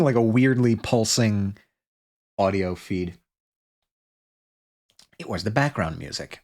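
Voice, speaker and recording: A male streamer thinking aloud in casual chat, rambling and restarting his sentences. His voice sits a bit low. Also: a little mellow. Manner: rambling, self-interrupting, many restarts and fillers.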